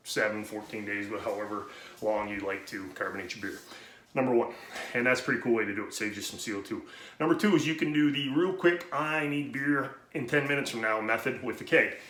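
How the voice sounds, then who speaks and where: In a roomy, echoey space with faint noise, a man demonstrates home brewing casually, rambling, cursing, and interrupting himself until he's breathless. His voice is mid-range, bright, and forceful.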